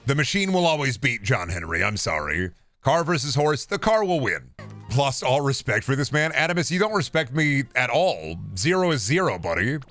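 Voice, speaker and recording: A young man streaming a game, chatting casually, joking loudly and yelling at races. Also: mid-range voice, big pitch swings, moderate pace, faint music behind. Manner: loud, joking, yells at the game during races. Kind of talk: casual gaming stream chat.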